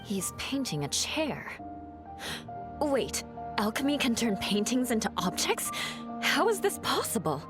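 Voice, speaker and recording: A woman's voice: a little high, huge pitch swings, a little slow, over music. A woman voicing a stern, proud young knight in a video game, formal and commanding. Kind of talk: game voice acting.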